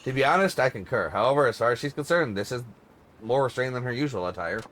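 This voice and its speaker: A courteous male secretary and bodyguard, read by a man in his own voice, explaining things in a formal, measured manner. He sounds like a game character voiced during a read-along. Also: mid-range voice, lively intonation, a bit bright, a little hiss or hum, close to an everyday voice.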